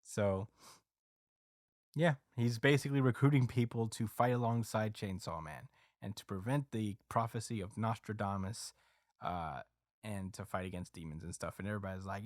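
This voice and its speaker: A man hosting a podcast, casually recapping a story with lots of fillers and quick acted quotes. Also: on the low side, no echo, studio quality. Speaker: podcast host recapping a manga chapter. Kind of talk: casual chat.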